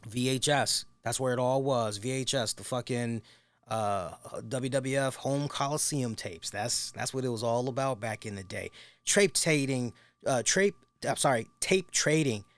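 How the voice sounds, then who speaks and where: A man's voice: medium pitch, moderate pace, dry recording. A middle-aged man hosting a wrestling review, telling loose, crude, laughing stories in casual chat. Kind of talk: casual profane storytelling.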